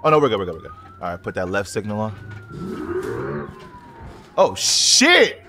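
A man giving casual, profane gameplay commentary as a gaming video host, reacting loudly to what happens in the game. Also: lowish voice, unhurried. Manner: excitable, profane outbursts at the game. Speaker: gaming YouTuber. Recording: noisy game audio under voice. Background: driving game engine and traffic sounds.

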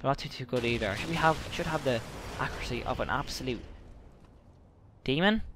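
A young man giving casual gameplay commentary, excitable and swearing often, with sudden outbursts. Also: mid-range voice, a little fast, slight background noise. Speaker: gaming channel host.

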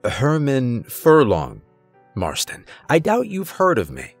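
A man doing a soft-spoken, sinister old stranger. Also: medium pitch, wildly swooping pitch, slow, gravelly, husky, dry recording, soft background music, voice pushed up, full character voice. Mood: mocking. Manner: polite, formal, quietly mocking.

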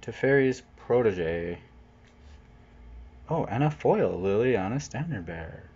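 A man's voice: fairly low pitch, slow, slightly rough. Chatty man unboxing cards, lo-fi. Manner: chatty, jokey, prone to excited outbursts. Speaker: channel host unboxing cards. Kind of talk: casual unboxing commentary. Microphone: off-camera voice-over mic.

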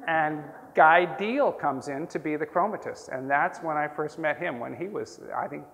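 Gravelly older man telling stories. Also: on the high side, moderate pace. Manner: rambling, animated anecdotes with acted-out voices. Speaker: printmaker telling stories at a talk. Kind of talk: casual storytelling to an audience. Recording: roomy hall with long reverb.

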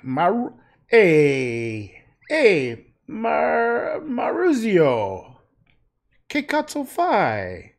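A man putting on a loud brash Italian guy. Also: wildly swooping pitch, moderate pace, creaky, exaggerated voice. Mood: boisterous. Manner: shouted, raised pitch, exaggerated Italian-style accent.

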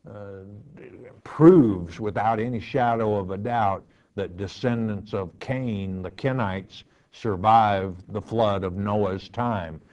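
A male pastor answering listener questions in a slow, measured, firm and matter-of-fact way, teaching from the bible. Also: lowish voice, a little mellow, highs cut off.

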